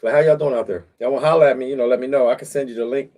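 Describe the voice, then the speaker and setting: A laid-back middle-aged man hosting a casual livestream from his backyard shed on a cold night. He talks straight to his viewers in a relaxed, slangy way, full of fillers and asides. His voice sits at an ordinary male pitch. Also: racing. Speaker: livestream host.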